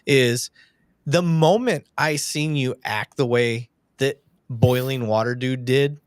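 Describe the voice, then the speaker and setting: A man's voice: medium pitch, slow pace, clean tone, no room sound, studio quality. A man hosting a police-topic livestream, talking bluntly and heatedly with plenty of swearing. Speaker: podcast host, police sergeant. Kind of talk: casual livestream chat.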